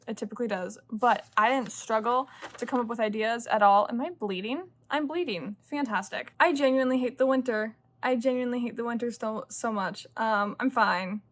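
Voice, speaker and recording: A young woman with a slightly high, bright voice vlogs casually to camera, rambling and partly whispering late at night. She's sleepy, as it's two in the morning.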